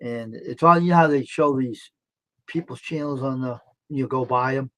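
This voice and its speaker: Man, live stream co-host, casual chat, supportive, murmured agreement, mid pitch. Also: normal speed, a bit bright.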